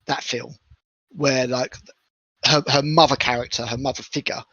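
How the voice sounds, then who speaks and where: A man's voice: mid-range voice, fairly even intonation, normal speed, bright, forceful tone, husky, no echo, dull audio. A man co-hosting a casual podcast chat, blunt and opinionated, swearing freely. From Britain. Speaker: podcast co-host.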